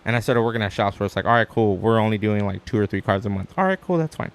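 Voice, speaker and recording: A man guest chatting casually on a podcast, an animated storyteller who acts out quotes with sudden high jumps in his voice and swears freely. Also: rapid-fire, gravelly. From Arizona, USA. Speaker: guest, stand-up comic.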